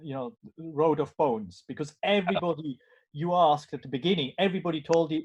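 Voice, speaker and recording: Higher-voiced enthusiastic man. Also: fairly quick, a little mellow, husky. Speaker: guest filmmaker. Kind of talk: casual conversation.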